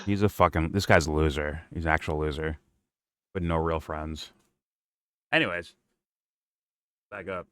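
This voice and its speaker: Reaction host: low-voiced man, sarcastic, swears a lot, dry close sound. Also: fairly even intonation, normal speed, pauses often, dry recording. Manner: mocking, sarcastic, swears often. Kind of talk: casual profane commentary.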